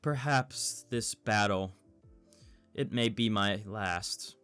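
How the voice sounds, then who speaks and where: A man voicing a smug, scheming older male villain who taunts in a calm, measured way. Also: lowish voice, smooth, soft background music. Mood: taunting.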